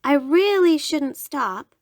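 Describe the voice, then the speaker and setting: A woman voicing an eager little girl in a red hood in a storybook, speaking slowly and wide-eyed. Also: high-pitched, lively intonation, a little mellow, no echo, clean studio sound, voice pushed up.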